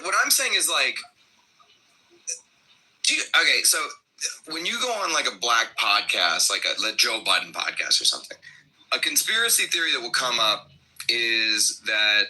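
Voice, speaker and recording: A man talking on a podcast in a rambling, off-the-cuff way, cutting himself off and circling back. His voice is very bright and forward, with a mid-range pitch for a man. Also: very animated, normal speed, pauses often, breathy edge, low-quality recording. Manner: rambling, self-interrupting, loose and profane. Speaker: podcast co-host. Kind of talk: casual chat.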